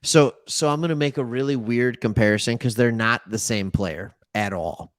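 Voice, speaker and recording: A man hosts a casual sports talk show in an easy, rambling way. He corrects himself often and throws in animated asides. His voice sits at a middle pitch and is recorded dry and close. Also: moderate pace, dry recording. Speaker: sports podcast host.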